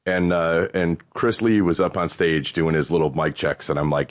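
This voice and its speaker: A man's voice: moderate pace, few pauses, dry recording, clean studio sound. A man co-hosting a podcast in casual chat, rambling and swearing casually. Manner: rambling, swears casually, lively rises in pitch. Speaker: podcast co-host.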